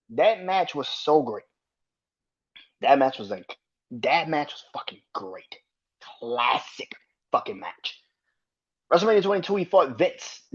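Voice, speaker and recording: A man hosting a casual solo podcast, talking in an excitable, profane way, laughing and getting loud when worked up. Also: on the high side, normal speed, long pauses, slightly rough, lo-fi sound. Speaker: podcast host.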